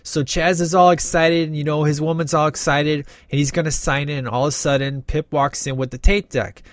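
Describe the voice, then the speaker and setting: In a dry recording, a man with a slightly high voice talks a little fast as he casually recaps a film. He's a movie reviewer, and his retelling is lively, full of fillers, with the characters' dialogue acted out.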